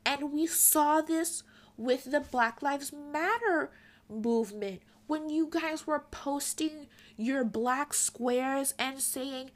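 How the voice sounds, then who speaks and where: Slow, earnest young woman lecturing. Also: sits high. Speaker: commentary vlogger. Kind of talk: opinion commentary to camera.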